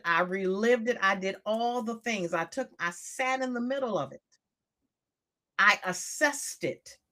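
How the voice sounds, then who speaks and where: A woman's voice: medium pitch, pushed and bright. A woman in her sixties, a coach talking on a live stream, emphatic and repeating phrases for stress.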